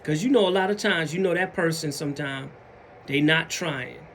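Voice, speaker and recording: A man's voice: a little high, normal speed, fairly bright tone, a little hiss or hum. A man with a Southern US accent talking casually in a motivational vlog, acting out other people's mumbled excuses. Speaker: vlogger.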